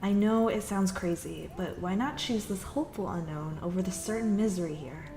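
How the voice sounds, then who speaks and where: A woman voicing a bold, sharp-tongued young heroine, earnest and teasing. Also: mid-range voice, normal speed, lightly acted. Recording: echoey room with music.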